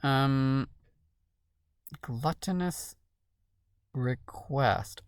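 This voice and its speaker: Woman with a very deep, slow voice, quietly mulling crossword clues to herself. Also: lively intonation, dry recording, studio quality. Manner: muttering to herself, musing and questioning. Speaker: crossword solver. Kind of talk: thinking aloud while solving a puzzle.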